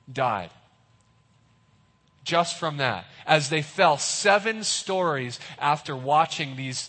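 A man preaches in a large hall, and his voice carries a long reverb. He tells the story vividly, slipping into the voices of bystanders. His voice sits a little higher than most men's. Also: pushed and bright. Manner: vivid, acts out onlookers' voices. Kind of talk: sermon storytelling.

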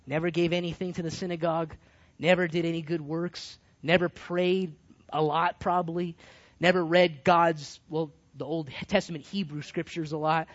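A man preaching a sermon to a group, his delivery animated and swinging between loud and hushed. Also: fairly high pitch, moderate pace. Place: California. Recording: dull lo-fi recording.

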